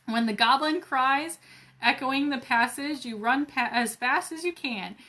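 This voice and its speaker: A woman reads a choose-your-own-adventure book aloud for a library storytime. Her voice is high and bright. She often breaks off for playful, self-mocking jokes. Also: measured pace. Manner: playful asides, laughs at herself.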